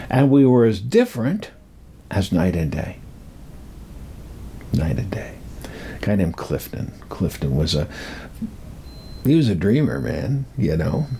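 An older man telling a rambling personal story from his youth, halting and full of pauses and restarts. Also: lowish voice, mellow, slightly rough.

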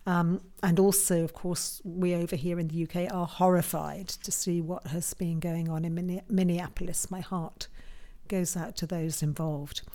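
A woman with a croaky voice after a flu, hosting a tarot and astrology live stream in a chatty, self-mocking way, often laughing at herself. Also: lowish voice, little pitch movement, normal speed, dark tone. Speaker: host of a tarot and astrology show. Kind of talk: casual live-stream chat.

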